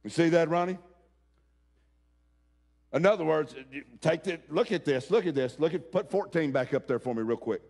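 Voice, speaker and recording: A man preaching a sermon, talking folksy and direct with the congregation and rising to shouts. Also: a little high, moderate pace, long pauses. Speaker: pastor.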